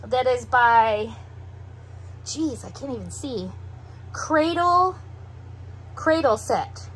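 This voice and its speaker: A middle-aged woman with heavy breathing after a meal, chatting in an unhurried, musing way as she shows off a clothing haul at home. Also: sits high, slight background noise. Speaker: doll collector showing a clothing haul. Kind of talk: casual show-and-tell vlog.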